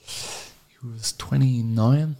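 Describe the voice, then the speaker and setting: A man in his thirties with an Irish accent, a podcast guest telling an emotional personal story, halting and sorrowful, swearing freely. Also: mid-range voice, steady tone, creaky, warm tone. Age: 30s.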